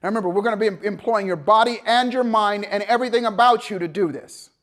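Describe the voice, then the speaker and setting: A man teaching a motivational seminar, telling a story with lively acted-out dialogue and swings between loud bursts and hushed, calm passages. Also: high voice, fast talker. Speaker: motivational coach.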